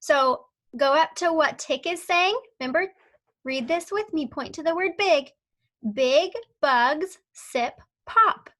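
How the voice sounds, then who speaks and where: A young woman teaching an online phonics lesson to young children, patient and clear as she sounds out words and spells letters one at a time. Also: extremely high pitch, moderate pace, fairly bright tone. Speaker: kindergarten teacher.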